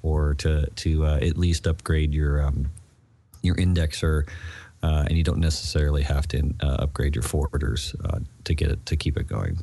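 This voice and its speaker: Brief: very low-voiced man, mellow tone, halting tech explainer. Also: fairly even intonation, gravelly. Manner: hesitant, many fillers and restarts. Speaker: podcast co-host. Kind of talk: casual tech podcast chat.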